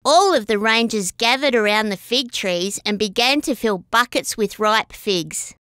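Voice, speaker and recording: A woman reading a children's story aloud as a storyteller, expressive and sing-song. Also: fairly high pitch, a little slow, smooth, no echo, clean studio sound.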